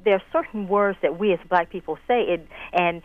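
A woman's voice: lowish voice, fairly quick, no echo. A woman calling in to a radio talk show, talking in a hesitant way and searching for her words. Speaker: caller. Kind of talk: radio call-in discussion. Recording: tinny phone line.

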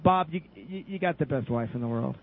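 A man co-hosting casual radio talk, effusive and quick to laugh. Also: mid-range voice, lively intonation. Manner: effusive, warm praise, laughs easily. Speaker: co-host. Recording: tinny phone line.

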